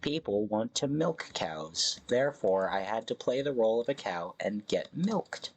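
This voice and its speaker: A man's voice: on the low side, sing-song, a little slow. A man streaming a survival game, chatting casually and correcting himself as he rambles. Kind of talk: casual live game commentary.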